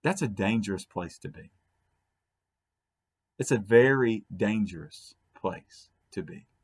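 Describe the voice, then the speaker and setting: Earnest husky-voiced pastor. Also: male voice, on the low side, animated, slow pace. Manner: earnest, repeats words and restarts, quotes with rising emphasis. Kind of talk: short devotional talk to the camera.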